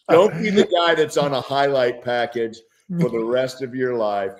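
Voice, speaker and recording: A man in his fifties, a former football player, chatting casually about games and telling animated stories with frequent laughs. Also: medium pitch, moderate pace. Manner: animated storyteller, laughs often. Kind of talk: casual sports chat.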